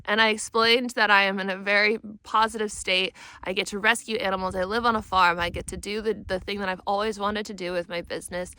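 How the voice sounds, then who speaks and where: A woman vlogger telling a personal story with emotion, animated and frustrated, swearing freely. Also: medium pitch, a little fast, hardly any pauses, smooth, no room sound. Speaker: vlogger, spiritual mentor.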